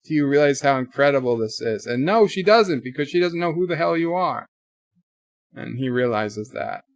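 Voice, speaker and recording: A man's voice: fairly high pitch, lively intonation, normal speed, no echo. A man giving a casual live reaction to a TV episode, retelling the plot with quoted lines and offhand asides. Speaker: show reviewer.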